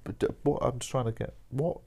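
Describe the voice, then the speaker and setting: A man's voice: mid-range voice, steady tone, moderate pace, creaky, darkish tone. A young man rambling casually over coffee, informal and sweary, dropping "mate" and "like" as he talks. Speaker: podcast host.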